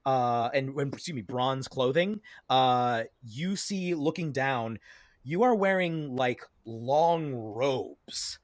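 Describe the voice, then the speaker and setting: A man narrating as game master, halting with many fillers. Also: mid-range voice, expressive, no echo, clean studio sound.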